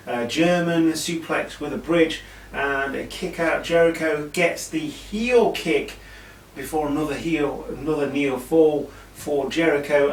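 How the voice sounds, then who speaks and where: A British man casually recapping an old wrestling event, rambling with asides and fillers. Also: a little high. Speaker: wrestling show reviewer. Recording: echoey room, mic at a distance, faint hiss.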